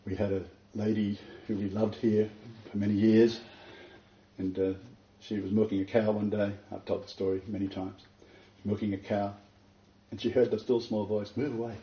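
A man preaching a sermon as pastor, animated and emphatic, often breaking into laughter. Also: lowish voice, normal speed, long pauses, echoey room, lo-fi sound.

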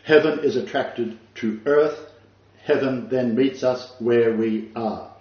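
A man giving a spiritual lecture as a rabbi to a small live group, halting, with frequent fillers and restarts. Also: mid-range voice. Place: room with a small audience. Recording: distant, roomy, dull room recording.

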